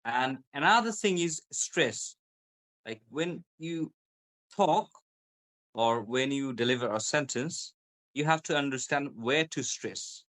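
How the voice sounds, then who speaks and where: As a guest in an explanatory conversation, a British-accented man explains English pronunciation, repeating example words to demonstrate stress and intonation. His medium-pitched voice is a bit bright with lively intonation, and he speaks slowly.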